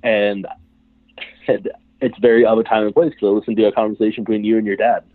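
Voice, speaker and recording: Lower-voiced guy rambling on a thin phone line, lots of likes and ums. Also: little pitch movement, quick pace, no echo. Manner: rambling, filler-heavy, chuckling. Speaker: guest, longtime listener. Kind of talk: casual chat. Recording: dry, tinny phone-like line.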